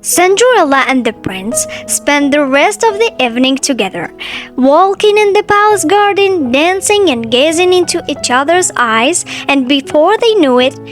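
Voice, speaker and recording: A woman narrating a fairy tale aloud in an expressive, sing-song read-aloud manner. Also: high voice, moderate pace, faint music behind. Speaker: storyteller. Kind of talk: storybook narration.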